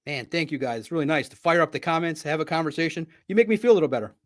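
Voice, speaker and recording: A man hosting a live sports stream, talking in an excitable, rambling, chatty way from a home studio. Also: a little high, racing.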